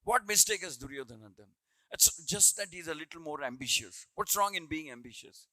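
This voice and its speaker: A man's voice: a little high, lively intonation, brisk, bright, forceful tone, no echo, poor audio. A man voicing an angry, suspicious old blind king who hurls accusations, as a quote in a scripture class. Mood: accusing. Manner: accusing, indignant questions.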